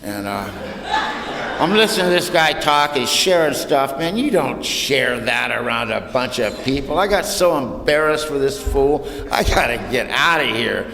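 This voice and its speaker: A man's voice: mid-range voice, creaky, fairly bright tone. A man giving a humorous recovery talk to an audience, folksy and plainspoken, telling his story in colloquial speech. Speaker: recovery meeting speaker. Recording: roomy hall with long echo.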